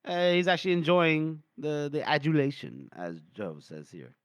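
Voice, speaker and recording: A man's voice: on the high side, very animated, moderate pace, clear, resonant tone, no echo, studio quality. A man co-hosting a casual book podcast, acting out characters' lines with lots of laughter. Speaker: podcast co-host. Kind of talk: casual book-discussion chat.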